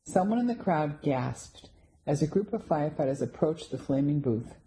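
A woman narrating a first-person story in a steady, scripted storytelling delivery. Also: sits low, normal speed, a little hiss or hum, low-quality recording. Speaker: audiobook narrator.

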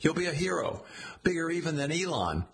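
A man's voice: on the high side, big pitch swings, fairly quick, gravelly, pitched above the performer's own voice. A man reading a satirical story, voicing a smug, scheming male AI chatbot that talks in a sly, slangy, coaxing way. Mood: gloating.

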